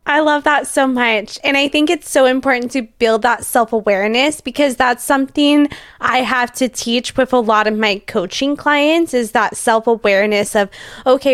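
Smooth-voiced woman podcast host. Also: fairly high pitch, dry recording, clean studio sound. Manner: affirming and reflective. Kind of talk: conversational interview.

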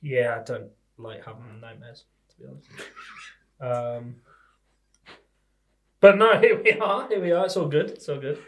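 A man with a high, animated voice in casual banter. He fires back quick retorts and laughs easily. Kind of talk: casual chat.

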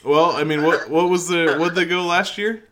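A man's voice: a little high, fairly even intonation, moderate pace, crowd noise. A man hosting a podcast in casual chat, laid-back and joking, laughing often. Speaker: podcast host.

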